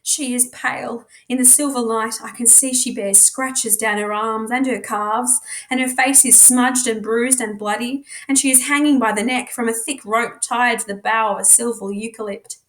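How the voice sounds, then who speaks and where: A woman's voice: fairly high pitch, fairly even intonation, normal speed, hardly any pauses, fairly bright tone. Woman reading a novel aloud. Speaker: book reader.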